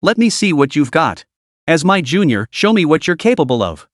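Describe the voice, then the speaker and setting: A man's voice: fairly high pitch, big pitch swings, normal speed, no echo, studio quality. A man voicing a haughty, tough older female student who taunts and boasts. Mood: taunting.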